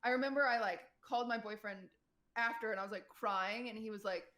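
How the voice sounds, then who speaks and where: A young woman streamer telling a personal story to her chat in a casual, animated way, full of fillers and quoted voices. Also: a little high, a little fast. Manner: animated retelling, quotes people, many "like" fillers.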